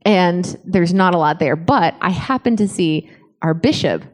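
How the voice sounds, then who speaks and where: Animated woman telling a comic story. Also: fairly low pitch, unhurried, in a large hall. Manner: animated storyteller, acts out voices, self-mocking. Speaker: conference speaker. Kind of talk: humorous faith testimony talk.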